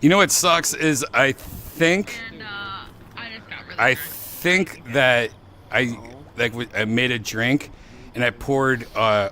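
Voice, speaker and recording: A man's voice: mid-range voice, pushed and bright. A man hosting a casual VR hangout chat, joking and swearing as he rambles. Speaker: host.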